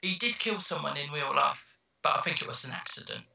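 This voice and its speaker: A man's voice: fairly high pitch, animated, fairly quick, creaky, pushed and bright, echoey room, recorded from a distance, highs cut off. A man co-hosting a casual chat, hesitant and stammering.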